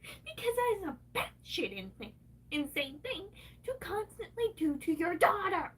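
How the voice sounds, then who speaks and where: A woman's voice: extremely high pitch, fairly bright tone, distant mic. A woman livestreaming, venting in an angry, profane rant.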